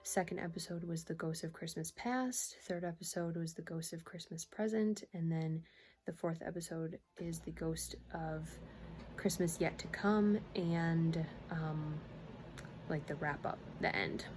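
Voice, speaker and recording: A woman's voice: sits low, unhurried, a little mellow, soft background music, rough recording. A woman vlogging casually about knitting, rambling and giggly, often breaking off mid-sentence. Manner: rambling, giggly, self-interrupting. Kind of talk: casual chatty vlog.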